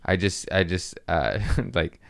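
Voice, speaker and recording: A young adult man hosting a podcast, telling a story in casual chat, animated and profane, acting out voices and yelps. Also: deep voice, takes it slowly, vocal fry. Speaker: podcast host.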